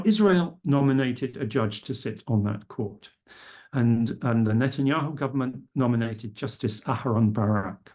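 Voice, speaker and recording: A middle-aged man giving a formal lecture, measured and careful, quoting legal texts precisely. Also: medium pitch, darkish tone. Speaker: speaker at a public health lecture. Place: lecture room.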